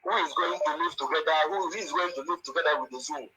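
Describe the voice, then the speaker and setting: Man, phone-in caller, bright voice, indignant, emphatic. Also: on the high side, fast talker, slight background noise, low-quality recording. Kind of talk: phone-in call.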